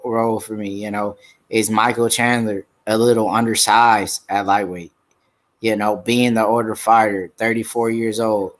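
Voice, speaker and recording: Man, low voice, monotone, slow delivery, hesitant with fillers, casual fight preview. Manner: hesitant, many fillers and restarts. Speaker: fight commentator.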